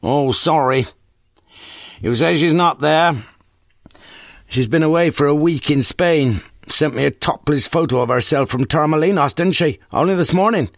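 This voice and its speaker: A man's voice: a little high, moderate pace, dry recording, clean studio sound, pitched above the performer's own voice, close to an everyday voice. A man reading an audiobook, voicing a brash, common-talking young woman on the phone. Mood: chatty. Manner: cheeky, defensive, common speech.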